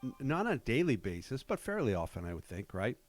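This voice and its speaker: A man hosting a podcast, chatting casually with measured, dry humor. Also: mid-range voice, big pitch swings, no room sound, faint music behind. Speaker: podcast host.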